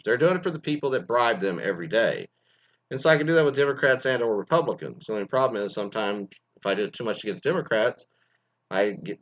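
A man's voice: fairly low pitch, lo-fi sound. A man hosting a podcast, giving casual, rambling commentary that drifts off on tangents. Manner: rambling, animated, goes off on tangents. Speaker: podcast host.

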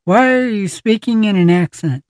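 A podcast host in casual conversation, voice sitting at a middle pitch. The delivery is halting and full of fillers and self-corrections, recorded dry with no room sound. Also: a little mellow, no room sound. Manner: halting, many fillers and restarts.

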